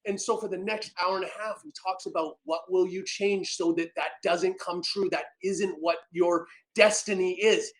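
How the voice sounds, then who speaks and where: A man, a podcast guest, telling an emotional personal story in an animated, dramatic way that swings between loud and soft. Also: sits high, normal speed, few pauses, poor audio.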